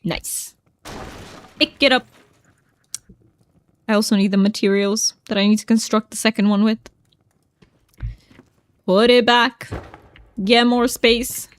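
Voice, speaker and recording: A woman's voice: a little high, steady tone, takes it slowly, long pauses, dry recording. A young woman chatting casually while streaming a game, laughing often and making fun of herself.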